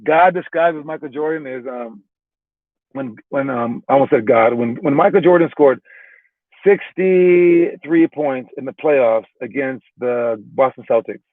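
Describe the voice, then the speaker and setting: A man runs through basketball drills in an easygoing, talky way, stumbling and restarting and tossing in "all right" between points. His voice sits at an ordinary middle pitch. The sound is thin and phone-like, with a dry, close feel. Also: unhurried, dry recording. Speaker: basketball trainer. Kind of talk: casual explaining and ranking.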